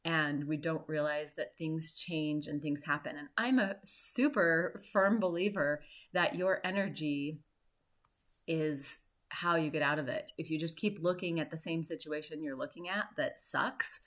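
Woman in her forties, podcast host, low voice, earnest, reflective, personal story. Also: unhurried. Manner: earnest, reflective, with soft laughs. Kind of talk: personal story and motivational talk.

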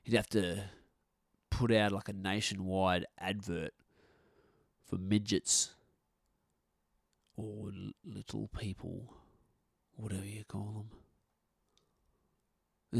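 A middle-aged man riffs on his podcast, his low voice gravelly with fry. He talks bluntly and swears freely, circling back and restarting his sentences. His voice is dry and close. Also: little pitch movement, slow, pauses often, no room sound. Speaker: podcast host. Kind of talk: casual podcast rant. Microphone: podcast microphone.

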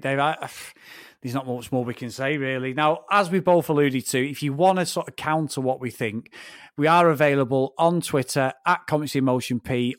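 A man's voice: medium pitch, no echo, clean studio sound. A man co-hosting a podcast who wraps up the episode in a friendly, chatty way. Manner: friendly, chatty wrap-up with fillers. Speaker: podcast co-host. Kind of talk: casual podcast sign-off.

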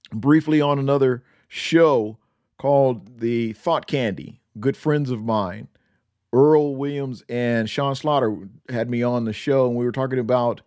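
A man's voice: mid-range voice, a little mellow, dry recording, studio quality. A man hosting a Bible podcast, preaching in an emphatic style that repeats phrases for effect. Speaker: podcast host teaching the Bible.

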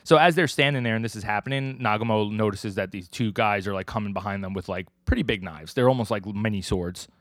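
A man's voice: fairly low pitch, fast, few pauses, no echo, studio quality. Rambling man recapping comics. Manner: rambling, filler-heavy storytelling. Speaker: podcast co-host. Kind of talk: casual chat recapping manga.

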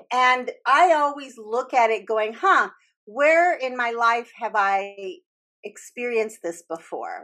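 A woman's voice: mid-range voice, sharp tone. A woman hosting a casual talk, explaining earnestly with frequent restarts and the odd swear word. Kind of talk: casual podcast chat about trauma healing.

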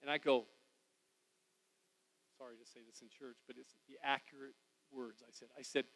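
Bright-voiced pastor telling a story. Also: male voice, mid-range voice, level tone, moderate pace, low-quality recording. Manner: conversational, wide swings from loud to hushed. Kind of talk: storytelling sermon. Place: church.

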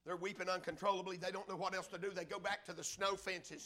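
Impassioned preacher man, high bright voice. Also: little pitch movement, quick pace, few pauses. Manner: swings from loud impassioned cries to hushed low telling. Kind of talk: storytelling sermon.

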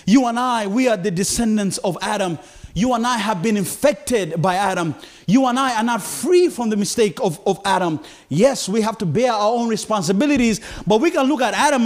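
A man preaching a sermon to a congregation, his voice dropping low and quiet, then rising high and loud, with stammered repeats. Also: expressive, brisk.

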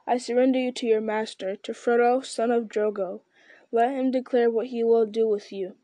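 A woman voicing a stern, just male captain who speaks in a measured, formal way. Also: a little high, steady tone, mellow, no room sound, close to an everyday voice.

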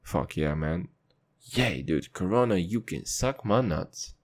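A man's voice: sits low, animated, slow, breathy edge. A young man hosting a podcast, talking in a crude, profane, rambling rant. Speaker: podcast host.

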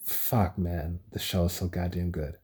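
A young man alone at home, recording a casual solo rant on his phone, rambling excitedly and swearing often. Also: low voice, measured pace, breathy edge. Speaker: podcast host. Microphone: phone recording app.

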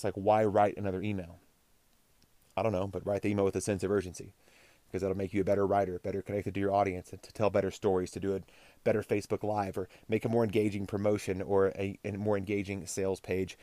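A man's voice: lowish voice, dark tone, no echo. A middle-aged man from Texas hosting a solo podcast, talking in a casual, rambling, self-deprecating way. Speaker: podcast host.

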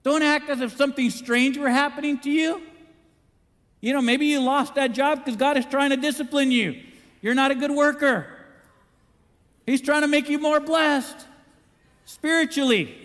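A man preaching a sermon in an animated way, acting out the voices he quotes. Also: very high voice, moderate pace, pauses often, long reverb tail. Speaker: pastor.

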